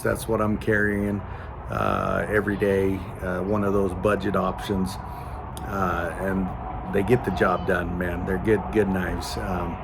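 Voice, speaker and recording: A man casually reviewing knives, relaxed and rambling with lots of ums and restarts. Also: lowish voice, creaky. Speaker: knife reviewer. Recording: noticeable background noise.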